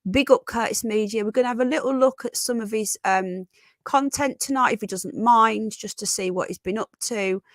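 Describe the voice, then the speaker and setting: A woman hosting a casual live stream, congested from a sinus infection, greeting viewers warmly as darling and sweetheart and swearing bluntly. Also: on the high side, moderate pace, dry recording, studio quality. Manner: chatty, affectionate, calls viewers darling and sweetheart.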